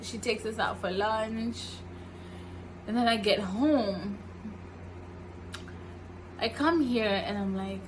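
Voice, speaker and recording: A young woman from Kenya telling a casual story while cooking at home, animated and acting out the people she quotes. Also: medium pitch, slow pace, long pauses, slight background noise, poor audio. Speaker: vlogger. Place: home kitchen.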